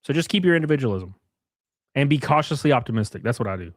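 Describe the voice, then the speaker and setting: A man's voice: medium pitch, expressive, fast talker, no echo, clean studio sound. A man hosting a casual livestream, talking bluntly with plenty of swearing and reading out viewer messages. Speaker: livestream host.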